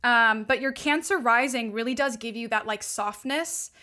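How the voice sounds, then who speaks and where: A woman's voice: a little high, moderate pace, pushed and bright. A young woman, a guest coach on a podcast, explaining astrology in chatty, upbeat casual talk full of "like". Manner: chatty, upbeat, heavy use of "like".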